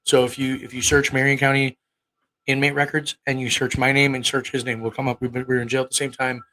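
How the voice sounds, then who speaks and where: A man's voice: medium pitch, flat delivery, quick pace, pushed and bright, a little hiss or hum, poor audio. A man in his thirties hosting a casual livestream, rambling and cursing bluntly as he talks to his viewers. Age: 30s. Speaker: livestream host.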